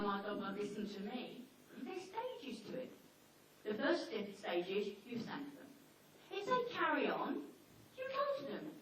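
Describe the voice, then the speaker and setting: A woman gives a seminar talk to a live audience, her fairly high voice leaping up whenever she acts out a line of dialogue. She sounds distant from the mic, in a hall with heavy echo and a faint room ambience underneath. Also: a little hiss or hum. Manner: animated storyteller, acts out dialogue with lively pitch jumps. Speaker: dog behaviour speaker. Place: lecture hall.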